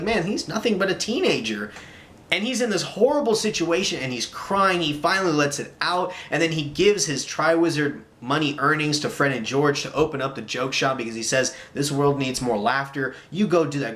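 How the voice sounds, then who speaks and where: A young man giving a casual spoken movie review, animated and exasperated, saying "like" a lot. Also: a little high, roomy sound.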